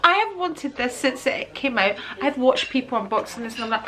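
A woman in her fifties unboxing gifts on her vlog, gushing and stammering with excitement, repeating her exclamations. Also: on the high side, a little fast, poor audio. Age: 50s. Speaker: vlogger.

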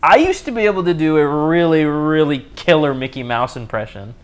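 The young solo podcaster talks a little fast now, his voice on the high side and animated. As usual he rambles casually, cracks self-mocking jokes, and keeps restarting his sentences.

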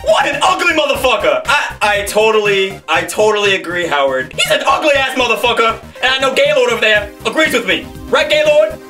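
A man's voice: very high voice, very animated, brisk, hardly any pauses, pushed and bright. A man co-hosting a comedy show, ranting absurdly in a goofy, mock-serious way with frequent restarts. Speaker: guest co-host. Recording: distant mic with faint music.

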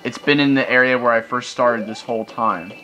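A young let's play gamer narrates his gameplay in a medium-pitched, fairly quick voice that sounds pushed and bright. He rants in exasperation with frequent exclamations while video game music plays behind him.

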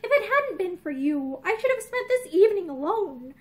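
A woman reading as a cheerful, eager young gentleman. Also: very high-pitched, very animated, moderate pace. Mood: earnest. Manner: friendly and eager, stammers a little. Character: cheerful, earnest well-off young man.

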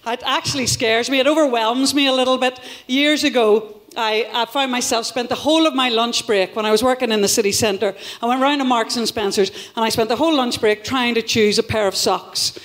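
A Northern Irish woman with a matching accent performs live stand-up at a theatre venue, wry, self-deprecating and punchy, swearing freely. Her voice sits on the high side and is a bit bright, and she talks a little fast with few pauses.

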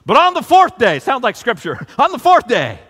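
A man's voice: very high-pitched, wildly swooping pitch, normal speed, a bit bright, husky, long reverb tail. A man preaching as a pastor, telling a story and leading an earnest prayer. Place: large tent meeting with long reverb.

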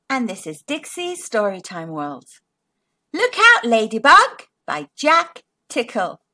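Woman, children's storytime host, read-aloud narration, high voice, slow and deliberate. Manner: animated, exaggerated sing-song storytelling to kids.

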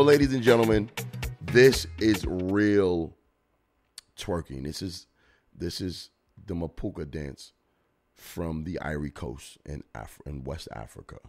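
A male podcast host riffing on clips in a loose comedic style, blunt and full of swearing. His voice sits low but swings widely in pitch as he gets worked up. Faint music plays underneath. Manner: animated, profane and blunt. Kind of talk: comedic commentary while reacting to videos.

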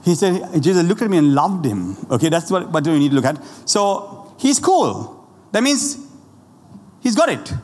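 A man preaching a lively, conversational sermon, laughing often and talking straight to the congregation, with a Sri Lankan accent. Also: on the high side, normal speed. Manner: animated, laughing often, asides to the audience. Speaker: pastor. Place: church hall. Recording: roomy church hall with faint ambience.

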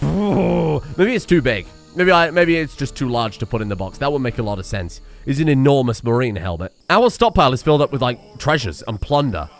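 A man giving excitable, sweary let's play commentary and yelling at the game. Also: mid-range voice, a little fast, few pauses, soft background music. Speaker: game streamer.

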